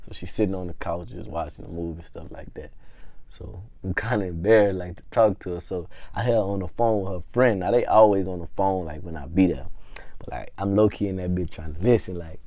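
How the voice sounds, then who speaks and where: Low-voiced man telling a slangy story. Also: brisk, no room sound. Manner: animated slangy storytelling, swings from hushed to loud. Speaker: vlogger. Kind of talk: casual storytime.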